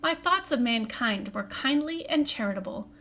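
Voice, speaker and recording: Woman calmly reading a mystery novel. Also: on the high side, moderate pace, slight background noise. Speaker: audiobook reader.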